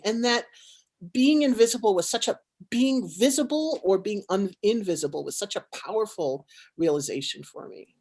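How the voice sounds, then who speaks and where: Speaking at a normal speed in a fairly high voice, a nonprofit's co-founder and CEO tells a personal story on a panel. She keeps it lively and dramatic, with plenty of "likes" and restarts.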